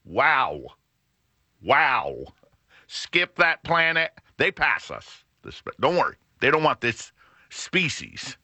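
A man's voice: mid-range voice, huge pitch swings, slow pace, sharp tone, no room sound, voice pushed up, exaggerated voice. A man putting on a cheesy alien voice. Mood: mock solemn. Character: rudimentary male alien, solemn and odd.

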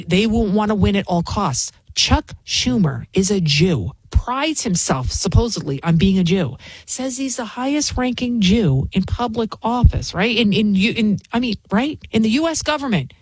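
A woman hosting a show, giving opinionated political commentary in an emphatic, indignant way with rapid rhetorical questions. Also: mid-range voice, husky, no echo. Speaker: fill-in host.

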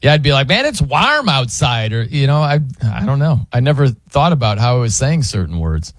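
A man's voice: mid-range voice, animated, fairly quick, no echo. A man hosting a radio show, chatting casually with his co-host and laughing often as he mimics how people talk. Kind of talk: casual on-air chat. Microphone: studio microphone.

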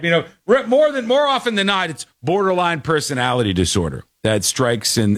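A man's voice: mid-range voice, dry recording, studio quality. A man hosting a casual talk show, telling stories animatedly and acting out the people he quotes. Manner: animated storyteller, acts out quotes. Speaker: podcast host. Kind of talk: casual chat.

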